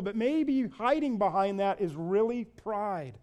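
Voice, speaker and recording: A man preaching a sermon as pastor, pressing his listeners with rhetorical questions and building to loud, repeated appeals. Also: high voice, expressive, takes it slowly.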